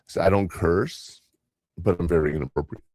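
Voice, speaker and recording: Speaking at a normal speed in a low, somewhat mellow voice, an older man hosts a podcast and rambles casually through stories, voicing other people's lines. The studio-quality recording has no room sound.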